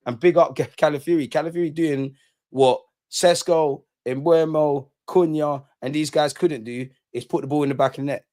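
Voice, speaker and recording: A man's voice: on the high side, steady tone, moderate pace, warm tone, no echo, clean studio sound. A young man hosting a live football reaction stream, bantering, mocking rival fans and reading chat aloud. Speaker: football fan channel host.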